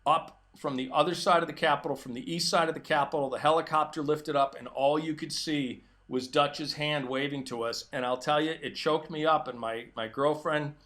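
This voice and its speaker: High, bright-voiced ranting male commentator. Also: fairly even intonation, normal speed, few pauses. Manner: emphatic, combative ranting. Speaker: political commentary host. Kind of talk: opinion monologue.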